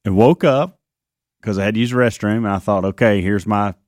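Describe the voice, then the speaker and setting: A man with a fairly low voice co-hosting a morning radio show, easygoing as he tells a story about his night. He chuckles now and then. The sound is close and dry. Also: fairly quick, darkish tone, dry recording. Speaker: radio co-host. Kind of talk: casual morning radio banter.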